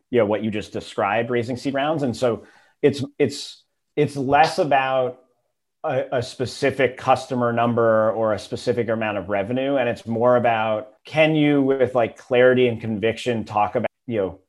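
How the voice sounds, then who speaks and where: A man guesting on a business podcast as an investor, talking in a relaxed way with many fillers. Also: mid-range voice. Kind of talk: casual interview.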